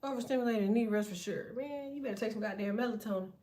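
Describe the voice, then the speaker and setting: A woman hosting a tarot livestream, telling stories in a profane, animated way and acting out other people. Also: on the high side, fast, far from the mic. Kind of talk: casual livestream rant.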